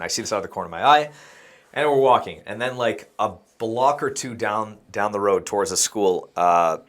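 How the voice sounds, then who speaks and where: A man's voice: fairly low pitch, a bit bright. A man co-hosting a podcast, telling a rambling story in casual chat and laughing as he goes. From Montreal. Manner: rambling anecdotal, laughs mid-sentence. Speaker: podcast co-host.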